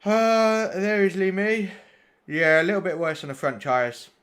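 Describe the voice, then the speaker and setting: In an unhurried, steady tone, a man with a high, fairly bright voice streams sim racing. He gives blunt, sweary live commentary on race replays and chats with the people watching.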